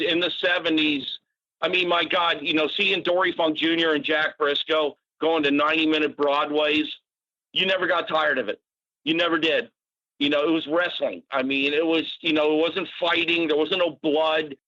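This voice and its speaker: A man in his sixties from Massachusetts, telling casual stories as a podcast guest, animated and quick to swear. His voice is bright and a little high. The sound is dry and slightly dull, recorded close in a small room. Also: dry recording. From Natick, Massachusetts. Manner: animated, swearing storyteller with fillers. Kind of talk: casual storytelling.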